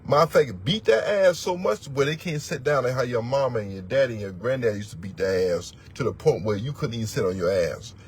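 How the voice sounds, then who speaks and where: A man's voice: mid-range voice, a little fast, hardly any pauses, a little hiss or hum. A man teaching as a religious elder, preaching in a blunt, profane, emphatic way and repeating words for force. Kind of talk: fiery sermon-style teaching.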